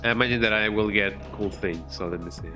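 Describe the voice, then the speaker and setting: This streamer talks fast in a lowish voice, giving casual live commentary on the video game he's playing. He rambles and keeps restarting his thoughts, with game music running in the background.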